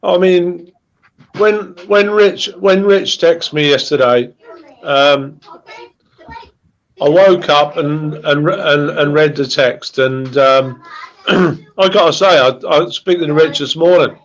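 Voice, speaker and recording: A man speaking as a guest fan in casual podcast chat, halting and repeating words as he talks from the heart. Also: on the high side, highs cut off.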